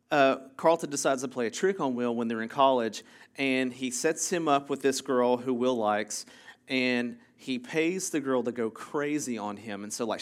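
A man preaching a casual, conversational sermon, chatty and full of jokey asides, who keeps checking in with the congregation by asking "right?". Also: medium pitch. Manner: self-interrupting, jokey asides. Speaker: pastor.

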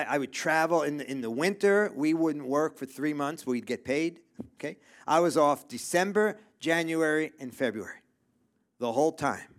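A middle-aged man preaches a sermon to his congregation in a slightly higher-pitched voice. He is emphatic and repeats his phrases, checking in with "okay?" as he goes. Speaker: pastor. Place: church room with a congregation.

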